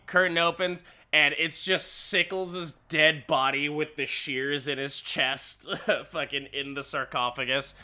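A man casually recaps a story in a slow, unhurried way, swearing freely and laughing as he goes. His voice is bright and clear with a fairly high pitch for a man. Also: steady tone.

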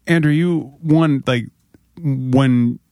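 A man's voice: medium pitch, very slow, dark tone. A man hosting a podcast from a studio, chatting and interviewing his guest in a friendly way that is full of laughter. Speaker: podcast host. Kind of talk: casual chat. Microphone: studio microphone.

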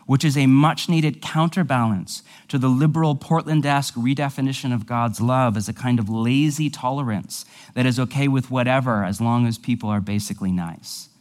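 A man's voice: medium pitch, moderate pace, hardly any pauses, a little mellow. A male pastor teaching a sermon in a conversational, explanatory way, with casual asides.

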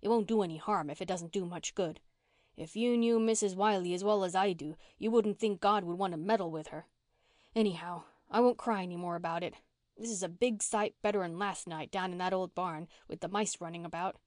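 A woman voicing a rough-spoken runaway orphan girl who talks in blunt, folksy country slang, read for a storybook. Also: on the low side, brisk, a little mellow, no room sound, clean studio sound, lightly acted.

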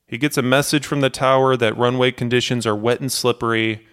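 A man narrating a true aviation disaster story in a steady, measured scripted style. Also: mid-range voice, clean tone. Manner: steady, measured storytelling that acts out cockpit quotes.

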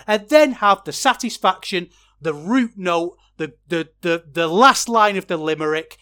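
A man hosting a podcast, giving a rambling, opinionated wrestling review that gets animated when he is worked up. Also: high-pitched, moderate pace. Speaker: podcast host.

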